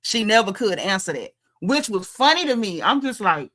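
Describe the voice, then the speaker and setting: A young woman recapping a reality show reunion in casual, animated commentary, talking straight to her viewers. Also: mid-range voice, moderate pace.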